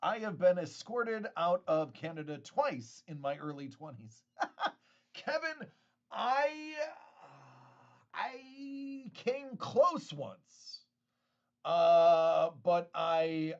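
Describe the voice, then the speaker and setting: A man from the United States rambles and jokes through a casual live stream, laughing often and tripping over his words. His pitch sits a touch high and swings around a lot. The audio sounds slightly dull and lo-fi. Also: extremely slow. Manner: lively joking, laughs often, stammers restarts. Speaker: host of a card-collecting live stream.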